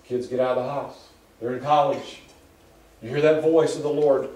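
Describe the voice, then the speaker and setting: A pastor preaching a sermon in a conversational, repetitive storytelling way. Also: male voice, mid-range voice, fairly even intonation, normal speed, mellow. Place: church sanctuary. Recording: echoey hall from far off.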